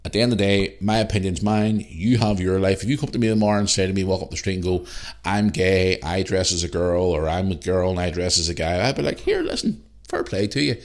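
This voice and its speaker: A man's voice: sits low, little pitch movement, fast talker. A man hosting his own podcast, ranting heatedly and swearing, with lots of repeated phrases. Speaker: podcast host. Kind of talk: solo podcast rant.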